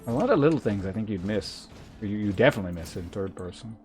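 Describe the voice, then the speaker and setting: A man's voice: fairly low pitch, quick pace. Young male streamer musing while playing. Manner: relaxed, musing, with fillers. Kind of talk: casual let's-play commentary. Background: faint game music.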